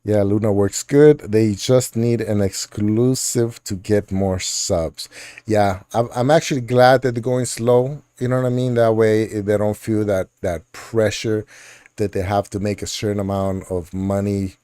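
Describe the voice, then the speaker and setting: Man, low voice, mellow tone, dry close sound, casual chat host, laughs a lot, rambling. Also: steady tone, unhurried, smooth, no room sound. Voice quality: laughs often, jokey and rambling. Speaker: podcast host. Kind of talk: casual chat reading gaming news.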